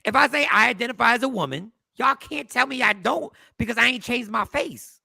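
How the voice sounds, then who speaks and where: Man, talk show host, insistent and argumentative, forceful bright tone with heavy fry. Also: very high-pitched, animated, a little fast, dry recording, clean studio sound. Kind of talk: casual debate on a talk show.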